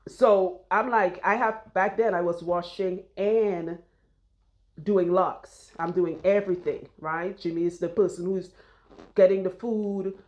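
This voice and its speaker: On a clip-on mic, a woman who works as a loctician and vlogger chats casually while having her hair done, rambling and laughing often. Her voice is lowish and a little mellow, and the recording sounds muffled.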